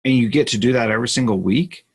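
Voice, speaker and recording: A man's voice: medium pitch, fast talker, husky. A man cohosting a live question-and-answer session on leadership, talking earnestly and emphatically, often restarting his sentences. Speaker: podcast host. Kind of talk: live Q&A conversation.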